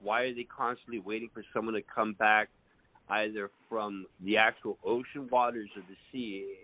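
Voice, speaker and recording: A man's voice: on the low side, phone-quality sound. A man co-hosting a poetry show, reflecting on a poem and asking the others questions. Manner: reflective, musing, asks questions. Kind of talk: casual chat, discussing poems.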